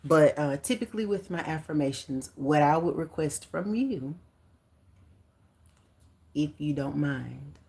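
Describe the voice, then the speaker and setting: A woman in her forties hosting a casual livestream, chatting in a lively, animated way with slang and sharing affirmations. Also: sits low, unhurried, vocal fry, long pauses. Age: 40s. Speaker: livestream host and author.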